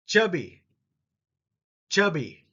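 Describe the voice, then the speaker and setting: Slow, bright-voiced male English teacher. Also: sits high, big pitch swings, highs cut off. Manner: models each word with clear stress, repeats for learners. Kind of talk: slow, deliberate pronunciation lesson.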